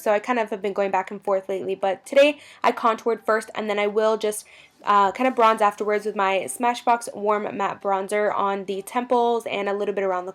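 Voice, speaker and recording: A young woman narrating a makeup tutorial, gushing about products in a bubbly, chatty way. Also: medium pitch. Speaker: beauty vlogger.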